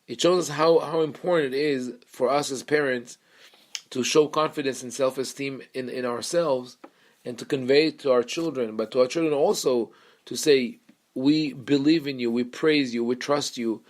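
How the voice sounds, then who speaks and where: A man, a rabbi, giving a Torah class in a halting way with frequent restarts. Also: medium pitch. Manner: halting, with many restarts and fillers.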